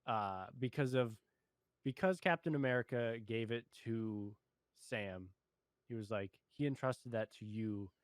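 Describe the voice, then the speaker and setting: A man's voice: medium pitch, measured pace, dry recording. Easygoing young man recapping plot. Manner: easygoing recapping, laughs often, trails off to search for words. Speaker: show co-host reviewer. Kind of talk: casual review chat.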